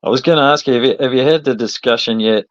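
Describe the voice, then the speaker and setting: A man's voice: mid-range voice, fast talker, no room sound, dull audio. A man in casual chat, teasing and blunt.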